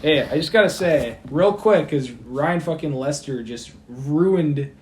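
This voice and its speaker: A young man guest on a podcast, telling a story in a loose, excitable way, swearing often and acting out the people he quotes. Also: a little high, measured pace, a little hiss or hum. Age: young adult. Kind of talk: casual storytelling.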